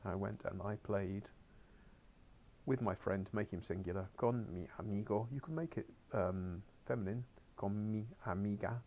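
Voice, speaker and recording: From what sounds like a school classroom, a low-voiced Spanish teacher with a gravelly, warm tone and a moderate pace encourages his beginner pupils. Wry asides pop up, and now and then he drops into a muttered whisper.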